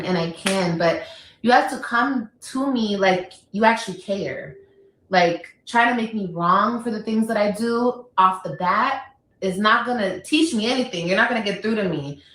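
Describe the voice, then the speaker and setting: A woman's voice: mid-range voice, normal speed, fairly bright tone. Blunt scolding woman, echoey room. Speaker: livestreamer, mother. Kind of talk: casual livestream talk.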